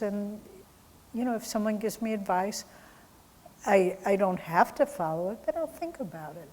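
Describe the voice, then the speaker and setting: A woman's voice: mid-range voice, expressive, moderate pace, a little mellow. A woman spiritual teacher, talking casually and telling stories with quoted asides. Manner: conversational storytelling with quoted asides. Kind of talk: satsang talk with stories. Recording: long hall reverb.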